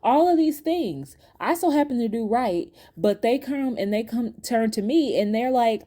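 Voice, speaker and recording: A woman hosting her own podcast, telling a storytime in a chatty, animated way and talking straight to her listeners. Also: on the high side, moderate pace, hardly any pauses. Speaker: podcast host. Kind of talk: casual storytime to viewers.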